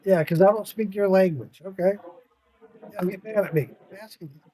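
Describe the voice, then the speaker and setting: A man hosting a casual podcast, telling stories in an animated way, swearing freely and laughing often. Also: high voice, brisk. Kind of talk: casual chat.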